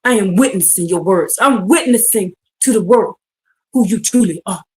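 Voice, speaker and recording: A woman preaching a livestreamed sermon, fervent and building to shouted exhortation. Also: medium pitch, moderate pace, a little hiss or hum.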